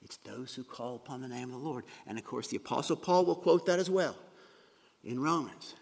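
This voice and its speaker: A man's voice: medium pitch, a little fast, vocal fry. Earnest male pastor preaching in a reverberant hall. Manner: earnest, repeats words, swings from loud emphasis to quiet drops. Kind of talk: sermon.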